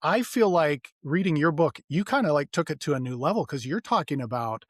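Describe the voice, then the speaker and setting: A man's voice: on the high side, lively intonation, fairly quick, no room sound, clean studio sound. A man hosting a podcast interview, talking loosely with fillers and asking long, rambling questions. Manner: conversational, loose and full of fillers, asks long framing questions. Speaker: podcast host. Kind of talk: casual interview chat.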